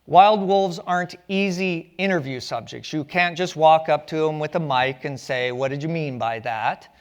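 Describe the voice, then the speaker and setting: On stage at a community arts center, a man gives a public lecture in a smooth, fairly high voice at a moderate pace. He tells stories in a playful way and jokes along the way.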